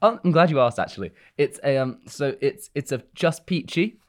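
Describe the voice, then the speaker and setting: A man's voice: mid-range voice, animated, normal speed. A man co-hosting a podcast in a casual chat, rambling and joking and laughing often. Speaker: podcast co-host.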